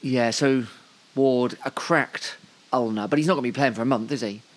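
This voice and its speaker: A man's voice: medium pitch, normal speed. A man co-hosting a football podcast in casual chat, making dry, wry remarks. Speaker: podcast co-host.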